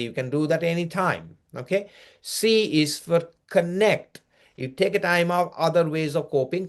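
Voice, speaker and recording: A middle-aged man talks as a psychiatrist in an interview, his voice sitting a little high. He lays out coping steps one by one. He counts slowly when he shows a breathing exercise. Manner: teaching, lists steps, slows to demonstrate breathing. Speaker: psychiatrist guest. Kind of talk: interview explanation.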